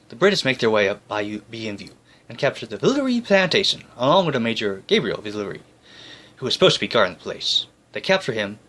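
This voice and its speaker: A man narrating history in a jokey, breezy way, tossing in quick voiced asides. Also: lowish voice, pushed and bright.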